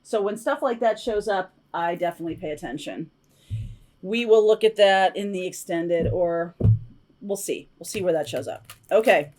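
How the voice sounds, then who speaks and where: A woman's voice: lowish voice, normal speed, darkish tone. A woman giving a casual, chatty tarot reading to her viewers, talking intuitively with many fillers and asides. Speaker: tarot reader.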